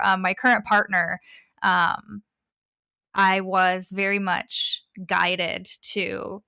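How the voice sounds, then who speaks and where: A young woman chatting as an interview guest, animated and quick to laugh as she acts out the conversations she recounts. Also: medium pitch, creaky, clear, resonant tone, no echo, clean studio sound. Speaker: guest, spiritual reader. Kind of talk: casual interview chat.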